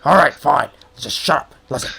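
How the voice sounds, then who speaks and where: A man's voice: on the high side, moderate pace, gravelly, slightly rough, full character voice. Man doing a cursing grumpy goblin barkeep. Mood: exasperated. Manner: irritable, cursing, hushed and jumpy. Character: short grumpy foul-mouthed male goblin barkeep.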